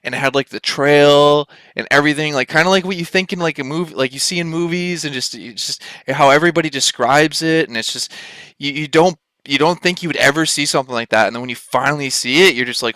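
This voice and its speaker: A man's voice: a little high, fast talker, dry recording. A man in his thirties from Canada, casually telling a personal story in a rambling way, full of "like.". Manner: rambling, lots of filler "like", excited retelling. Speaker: vlogger.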